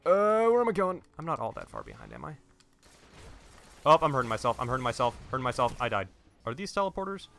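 A young man hosting a gaming channel, giving excitable, jokey play-by-play commentary into a headset and swearing when he dies. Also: mid-range voice, quick pace, gravelly, pauses often, faint music behind. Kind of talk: let's-play gameplay commentary.

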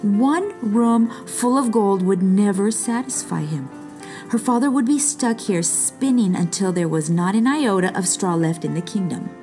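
A woman's voice: mid-range voice, animated, unhurried, dark tone, faint music behind. A woman reading a storybook aloud in a read-along, shifting her voice for the characters. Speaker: music teacher reading aloud.

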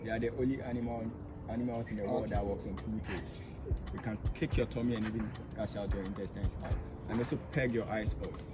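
A man's voice: lowish voice, steady tone, quick pace. A man working as a zoo tour guide outdoors, explaining the animals in a matter-of-fact way. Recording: loud music laid over the voice.

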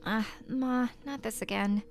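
A woman's voice: a little high, a little slow, creaky, faint music behind. A woman reading the lines of a frustrated young woman in her twenties from a visual novel, in her own plain voice. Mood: defensive. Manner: plain reading, no accent attempted.

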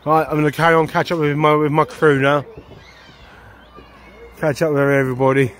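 Breathless high-voiced man vlogging outdoors. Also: level tone, moderate pace, fairly bright tone, slight background noise. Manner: chatty, enthusiastic, sometimes sings to himself. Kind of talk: casual vlog narration. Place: outdoors at a wildlife park.

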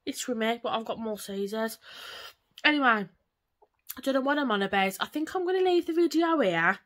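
A woman's voice: fairly high pitch, lively intonation, a little fast, fairly bright tone. A woman, chatting casually and rambling on in a home vlog from her living room. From England. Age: 20s. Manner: chatty, rambling, swears lightly. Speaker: vlogger.

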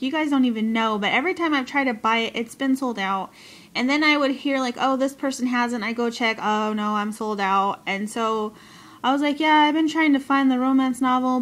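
Gushing high-voiced woman. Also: fairly bright tone. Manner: gushing, squealing, chatty and giggly. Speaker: craft vlogger. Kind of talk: excited haul unboxing. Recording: noisy home recording. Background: paper crinkling.

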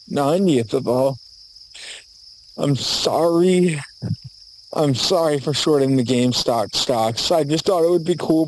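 A man's voice: mid-range voice, a little mellow, a little hiss or hum, low-quality recording. A man delivering a mock apology monologue in a forest at night, rambling nervously, stammering and swearing as he talks into a handheld camera. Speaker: video creator. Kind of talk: mock apology monologue in a horror comedy short. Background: faint crickets and insects.

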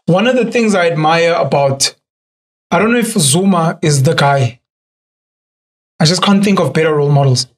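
A man's voice: on the high side, normal speed, long pauses. A young South African man, a podcast guest and entrepreneur, telling stories casually and acting out the people he quotes. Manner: animated storyteller who acts out quoted voices.

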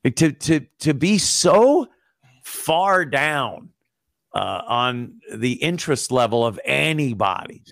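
A man's voice: mid-range voice, big pitch swings, slow, vocal fry, a bit bright, no echo, studio quality. A middle-aged man, a former radio host, chatting as a guest on a podcast, wry and profane, often laughing. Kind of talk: casual podcast chat.

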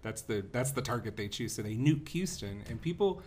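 A man's voice: mid-range voice, fairly quick. Forties male co-host, casual chat, rambling anecdotes, mid-range voice. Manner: rambling, animated storyteller. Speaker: podcast co-host.

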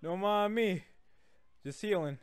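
A man hosting a gaming session, trash-talking his opponent, jumping from yells to low taunting mutters and laughing a lot. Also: slow, clear, resonant tone. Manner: swings between yelling and low taunting mutters, laughs often. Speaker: gaming channel host. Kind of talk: trash-talking gameplay commentary.

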